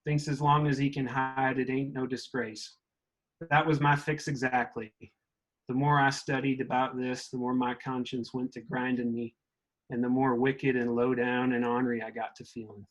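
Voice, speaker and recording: A man's voice: mid-range voice, level tone, moderate pace, close to an everyday voice, low-quality recording. A man reading aloud as a young Southern boy wrestling with his conscience, in a mid-Southern US accent, with plain, earnest storytelling. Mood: troubled.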